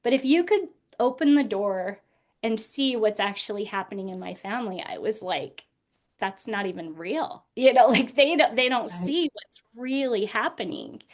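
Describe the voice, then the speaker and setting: A woman in her forties speaks as a podcast guest, telling a painful story from her own life. Her voice sits fairly high, and she is earnest, with light laughter slipping in through the hard parts. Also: animated, normal speed.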